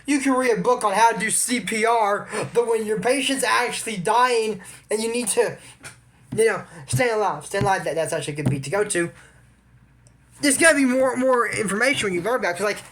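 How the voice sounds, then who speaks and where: A man's voice: sits high, expressive, brisk, a bit bright, slight background noise. Rambling chatty man recapping a cartoon. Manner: rambling, with asides and restarts; chatty, opinionated. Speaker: show recap commentator. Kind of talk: casual retelling of a cartoon episode.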